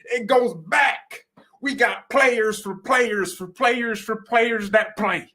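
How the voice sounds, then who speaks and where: A man hosting a football fan channel, talking in an excited, joking way and sometimes shouting. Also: very high-pitched, slow pace. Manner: hyped and joking, shouting at times. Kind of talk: excited casual commentary.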